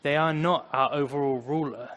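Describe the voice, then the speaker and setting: A man preaching a conversational sermon, earnest, swinging between loud emphasis and quiet asides. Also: fairly high pitch, fairly even intonation, moderate pace. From United States. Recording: long hall reverb.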